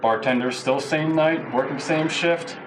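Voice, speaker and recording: A man's voice: on the high side, unhurried, background noise. Rambling man telling a joke. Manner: loose, rambling delivery with fillers.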